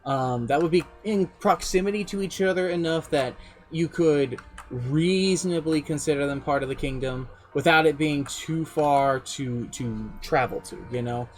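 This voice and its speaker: A man's voice: fairly high pitch, normal speed, soft background music. A man streaming, casually recounting his tabletop campaign as game master in a rambling, self-deprecating way.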